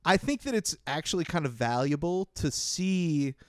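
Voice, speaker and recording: Smooth-voiced male podcast host, dry close mic. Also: fairly high pitch, animated, normal speed, no echo. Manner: laughs a lot, says "dude", puts on voices for quotes. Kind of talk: casual comedy podcast chat.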